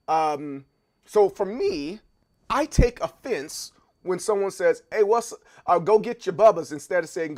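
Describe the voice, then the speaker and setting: His voice a little high, a man in his thirties runs a livestream and talks casually over viewer comments. He keeps halting to repeat words while thinking aloud.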